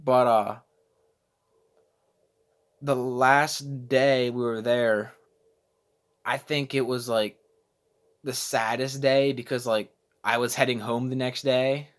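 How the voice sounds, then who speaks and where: A young man vlogging casually, rambling and self-deprecating as he loses his train of thought. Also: medium pitch. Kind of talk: casual vlog storytelling.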